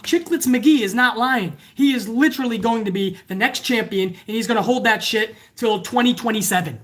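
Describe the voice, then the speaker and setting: A woman rants through a wrestling review in a casual, sarcastic way, swearing freely. Her voice sits a little high, and she jumps into loud, mocking fan voices now and then. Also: normal speed, few pauses. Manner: profane, sarcastic, acts out fans with shouted voices. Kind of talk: casual ranting commentary.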